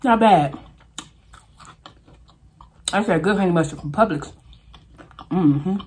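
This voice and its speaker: A woman food vlogger talking casually to camera while eating, animated and exclaiming, chanting at a spinning wheel. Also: lowish voice, slow, slight background noise.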